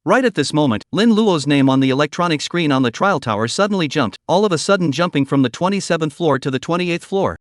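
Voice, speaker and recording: Slightly high man reading a story recap. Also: expressive, quick pace, hardly any pauses, no echo, clean studio sound. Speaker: narrator. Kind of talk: scripted story recap narration.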